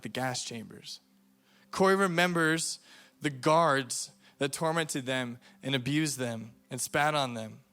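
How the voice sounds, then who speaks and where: A man's voice: a little high, fairly bright tone. A man preaching to a youth camp, telling a story earnestly and reading quotations aloud. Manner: earnest storytelling, reads quotes aloud, varies volume for emphasis. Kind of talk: youth sermon.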